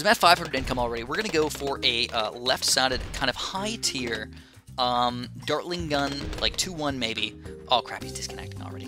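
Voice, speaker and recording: A young man telling a rambling, excitable story while playing a video game, full of fillers. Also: mid-range voice. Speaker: gaming YouTuber. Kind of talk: casual storytelling over gameplay. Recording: game music behind voice.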